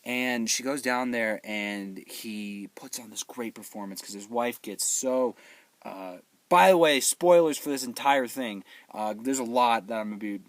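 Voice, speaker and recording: A man hosting his own show, giving an excitable, rambling, joking recap of a movie and acting out the characters' lines. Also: mid-range voice, unhurried, no room sound. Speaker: movie reviewer, show host.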